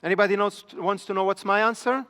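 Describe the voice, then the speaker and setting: A man's voice: high-pitched, steady tone, fast talker, sharp tone, clean tone. A middle-aged man, a business trainer, giving a live seminar lecture in a training room and checking in with his audience through repeated rhetorical questions. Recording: long reverb in a large training hall.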